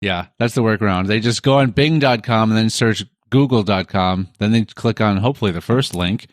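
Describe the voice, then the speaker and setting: A man's voice: fairly low pitch, a little fast, no room sound, clean studio sound. A man co-hosting a podcast, rambling and joking in casual chat. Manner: rambling, jokey, reads listener stories aloud. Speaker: podcast co-host.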